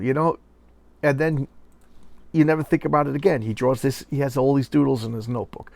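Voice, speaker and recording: A man with a gravelly, creaky voice of middling pitch rants about a comic he clearly dislikes. He sounds exasperated and sarcastic and keeps circling back to the same complaints. The sound is dry and close, with no room around him. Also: brisk, darkish tone, dry recording. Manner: exasperated, sarcastic, repeats himself. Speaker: comic book reviewer. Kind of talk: casual ranting review.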